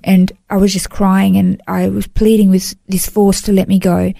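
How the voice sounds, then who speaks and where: A woman's voice: medium pitch, flat delivery, moderate pace, creaky, mellow, no room sound. A woman, an interview guest, giving an earnest, emotional personal testimony and often saying "you know". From Australia.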